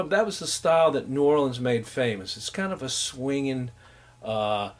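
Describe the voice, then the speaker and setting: Here a man with a medium-pitched voice and lively intonation teaches jazz rhythm in a recorded music-class lecture. Unhurried and loose, with many fillers, he illustrates the patterns by scatting and humming them.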